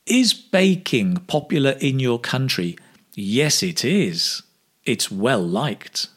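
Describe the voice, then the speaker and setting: A man leads an English speaking lesson in an unhurried, measured way. His pitch rises and falls widely as he models each phrase with clear intonation for the listener to repeat. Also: very animated, fairly bright tone. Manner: slow, exaggerated model phrases for repetition. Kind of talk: scripted pronunciation lesson.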